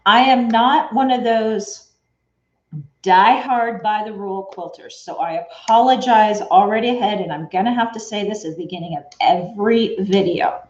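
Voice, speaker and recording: A woman's voice: mid-range voice, normal speed. A woman hosting a casual quilting livestream, chatty and laughing often as she greets viewers by name. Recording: echoey room, dull lo-fi sound.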